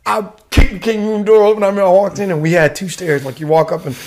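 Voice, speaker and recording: A retired Army warrant officer from the United States, appearing as a guest, tells a war story in casual chat, profane and slangy with plenty of "dude" and "bro," often breaking into laughter. His voice sits high and is a little mellow, with a steady tone and quick pace.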